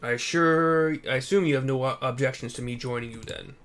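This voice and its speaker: A composed male ally with a dry, matter-of-fact delivery, read by a man playing a game. The voice sits at a middle pitch. He talks plainly and without fuss. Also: a little fast, fairly bright tone, lightly acted.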